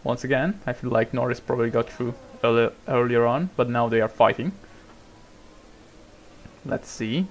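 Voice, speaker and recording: This male gamer's casual let's-play of a racing management game is full of swearing, rambling and sudden shouting at drivers. He speaks at medium pitch and a moderate pace, pausing often, and the audio sounds dull.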